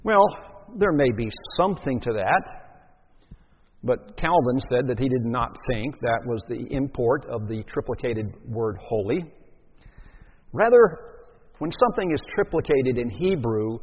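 A man's voice: mid-range voice, lively intonation, a little slow, slight background noise. A man preaching a sermon, teaching emphatically and posing rhetorical questions to his listeners. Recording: dull sound with long hall reverb.

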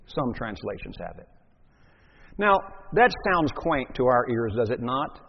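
A man's voice: medium pitch, sing-song, a little slow, vocal fry, slightly rough. A man preaching a sermon, teaching emphatically and posing rhetorical questions to his listeners. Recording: dull sound with long hall reverb.

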